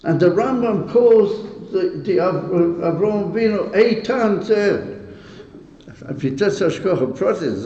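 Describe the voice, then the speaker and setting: A man with a high yet mellow voice leads a gathering as its rabbi. He teaches earnestly and emotionally, tosses questions at his listeners and chuckles between points. The recording is dull and lo-fi, with long reverb from a synagogue hall. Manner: stirred and emotional about the topic. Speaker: rabbi leading a Hasidic gathering. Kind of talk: informal teaching talk to a gathering. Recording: echoey hall, dull lo-fi sound.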